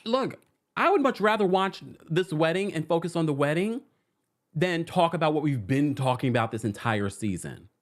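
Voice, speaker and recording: A man's voice: fairly high pitch, moderate pace. A man hosting a casual reality TV recap, talking to his viewers and reading their comments aloud. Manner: animated, acts out quotes, reads viewer comments.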